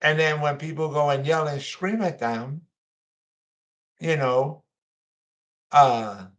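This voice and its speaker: A man's voice: a little high, takes it slowly. A man hosting his own show, talking casually in a rambling, repetitive way with many fillers. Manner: mocking whiny voices when quoting others. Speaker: host. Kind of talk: casual monologue.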